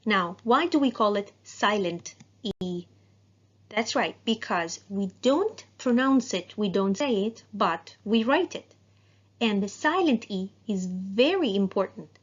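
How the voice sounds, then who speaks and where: A woman teaching an English phonics lesson, saying example words slowly and clearly and answering her own questions to the class. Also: medium pitch, animated, dull audio. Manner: slow, clear, asks the class questions and answers them herself.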